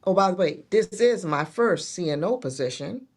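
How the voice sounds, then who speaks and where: A woman's voice: lowish voice, animated, normal speed. A middle-aged woman, a guest in a casual interview, telling her story earnestly with many restarts. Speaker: guest, nurse executive.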